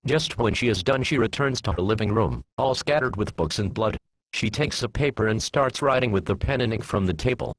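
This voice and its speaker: A man reading a fan fiction story aloud in a plain, steady storytelling manner. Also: fairly low pitch, a little fast, a little hiss or hum, poor audio. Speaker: narrator.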